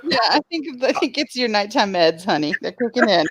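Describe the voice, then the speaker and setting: A woman's voice: a little high, very animated, brisk, breathy edge, no echo. A woman in a casual group chat, wry and teasing.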